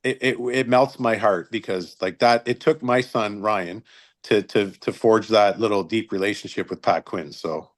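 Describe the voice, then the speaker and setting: Here a man in his fifties, once a hockey linesman and now retired, spins casual stories and performs each quote with animation. He speaks fairly low at an even, moderate speed.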